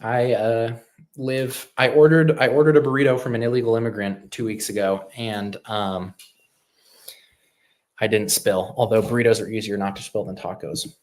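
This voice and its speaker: A man's voice: lowish voice, steady tone, moderate pace, a little mellow. A man hosting a live stream, talking casually in a rambling, opinionated way with lots of fillers and restarts.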